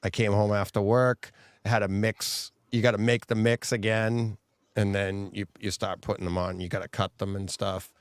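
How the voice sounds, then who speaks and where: A man with a low-pitched voice co-hosts a podcast and chats casually. He tells rambling stories and breaks into laughter mid-sentence. He is recorded close and dry on a podcast mic. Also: level tone, moderate pace, smooth, no room sound. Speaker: podcast co-host. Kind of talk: casual chat.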